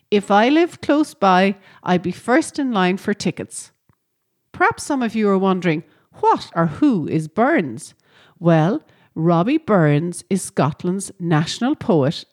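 Lively woman podcast host. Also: medium pitch. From Ireland. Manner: friendly, asks listeners direct questions. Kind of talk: scripted podcast narration.

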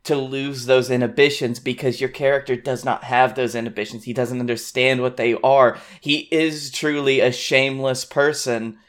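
A man in his twenties co-hosting a casual podcast, speaking reflectively and rambling a little as he remembers. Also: mid-range voice. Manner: reflective, rambling with many fillers and restarts. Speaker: podcast co-host. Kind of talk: casual chat.

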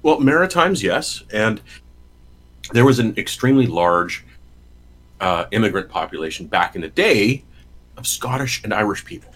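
A man's voice: fairly low pitch, big pitch swings, normal speed, long pauses, fairly bright tone, low-quality recording. A man from Canada co-hosting a podcast in casual chat, joking, swearing and eating on mic. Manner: eats on mic, swears, jokey. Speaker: podcast co-host.

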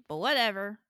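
A woman's voice: medium pitch, sharp tone, no echo. Frank woman podcaster, dry sound. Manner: frank, laughs between remarks. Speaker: podcast co-host. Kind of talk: casual movie review chat.

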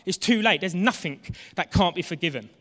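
Male pastor, thirties, high bright voice, fervent sermon delivery, long hall reverb. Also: expressive, brisk. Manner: impassioned, swings from hushed to shouting.

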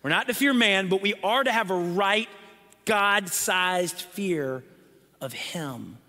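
A man's voice: sits high, animated, slow, pushed and bright, long reverb tail. A man preaching a sermon, emphatic, building lists and repeating words for weight, sometimes dropping almost to a whisper. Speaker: pastor.

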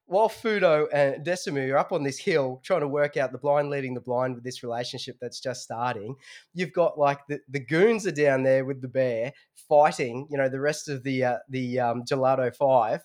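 A man chatting casually on a podcast, at an ordinary pitch. He rambles and restarts his sentences often. He keeps a relaxed, conversational flow. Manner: rambling, halting, many restarts. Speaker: podcast co-host. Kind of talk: casual chat.

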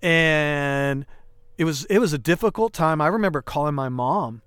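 A man's voice: on the high side, normal speed, a bit bright, smooth, no room sound. A man in his thirties, a podcast guest, earnestly recounting his personal story and acting out the dialogue. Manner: earnest, emotional, acts out quoted dialogue.

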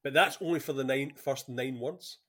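A man co-hosting a casual film chat, relaxed and sharing trivia. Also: medium pitch, moderate pace. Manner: relaxed, shares trivia, laughs often. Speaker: podcast co-host.

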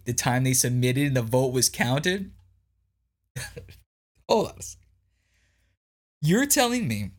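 A man reads news items aloud and breaks off into incredulous commentary. His pitch leaps around animatedly as he rants, and he hammers points home by repeating them. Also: fairly bright tone. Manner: incredulous, ranting, repeats lines for emphasis. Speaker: political commentary podcast host. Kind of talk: opinionated commentary, reading news aloud and reacting.

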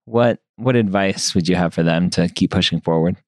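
Woman host, extremely deep voice, dry close mic, probing questions. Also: moderate pace, few pauses, darkish tone, no room sound. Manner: short affirmations, probing questions. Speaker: podcast host. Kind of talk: interview questions.

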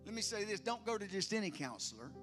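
A man preaching a sermon in a high, bright, forceful voice. He drives points home with emphatic bursts, then drops to near-hushed lines and chatty asides to the congregation, over faint music underneath. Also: very animated, fast talker. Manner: emphatic preaching with big swings from loud to hushed. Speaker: pastor.

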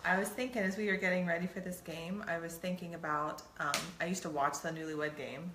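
A woman's voice: lowish voice, steady tone, a little fast, echoey room, noisy background. A middle-aged woman co-hosting a playful couples quiz game, teasing and laughing often. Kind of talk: casual chat.

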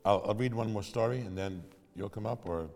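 A man's voice: fairly low pitch, fairly quick, darkish tone, big-room sound, soft background music. A man preaching in storytelling style, conversational and asking his audience questions. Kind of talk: sermon storytelling.

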